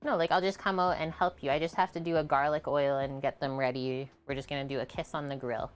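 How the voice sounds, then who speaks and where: A woman's voice: low voice, fairly even intonation, quick pace, clear, resonant tone, faint music behind. A woman co-hosting a live cooking stream, chatting casually with viewers and her partner while she cooks.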